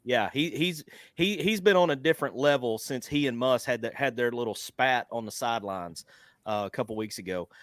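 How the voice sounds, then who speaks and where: A man from Arkansas co-hosting a sports podcast, relaxed and joking, with plenty of fillers. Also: mid-range voice, brisk, no room sound, studio quality. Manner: laid-back, joking, hesitant fillers. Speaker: podcast co-host. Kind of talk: casual sports podcast chat.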